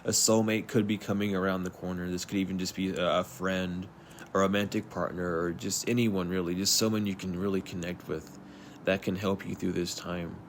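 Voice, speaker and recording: A spiritual reader with a low, level voice speaks at a moderate pace, giving the viewer an earnest and soothing pep talk. He rambles and says the same things repeatedly, over a little hiss or hum.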